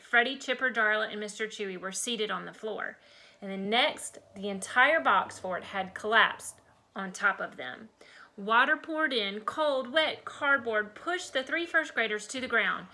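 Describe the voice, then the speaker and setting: Bright-voiced woman reading a storybook aloud. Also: medium pitch, low-quality recording. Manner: slow, expressive storytelling. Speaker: first-grade teacher.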